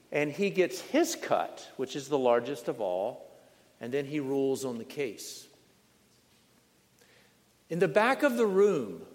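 A male preacher telling a sermon story in a slow, dramatic manner, leaning on repetition. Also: fairly high pitch. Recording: long reverb in a large hall.

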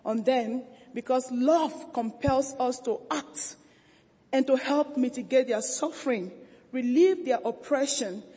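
High-voiced woman giving a gentle sermon. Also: breathy edge. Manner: gentle, devotional, measured. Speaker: reverend. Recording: reverberant church hall.

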